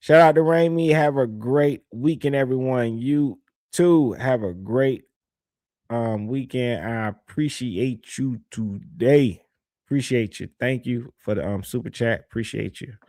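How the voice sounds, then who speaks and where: A young man, hosting a livestream and giving casual, opinionated commentary in a slangy, animated way that repeats points for emphasis. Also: medium pitch, measured pace, no room sound, clean studio sound. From Southern United States. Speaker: livestream host reading super chats.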